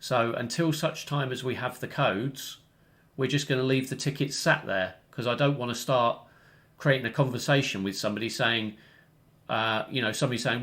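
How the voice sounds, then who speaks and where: A man's voice: mid-range voice, moderate pace, fairly bright tone. A man hosting a casual online community update, rambling and correcting himself as he explains the steps.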